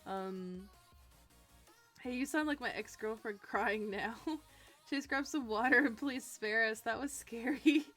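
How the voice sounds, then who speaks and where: A woman's voice: a little high, unhurried, a bit bright, soft background music. A young woman streaming to her viewers in a bubbly, giggly casual chat.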